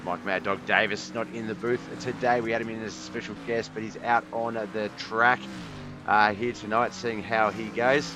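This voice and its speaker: A man hosting a live sim racing broadcast on a headset mic, scattered and apologetic, thinking out loud between notes, with the hiccups. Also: fairly low pitch, steady tone, moderate pace, background noise. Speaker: race commentator and stream host.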